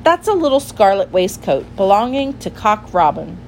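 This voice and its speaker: A woman's voice: medium pitch, very animated, moderate pace, slight background noise. A woman reading a storybook aloud and voicing a fussy little female hedgehog washerwoman with a bustling, polite manner.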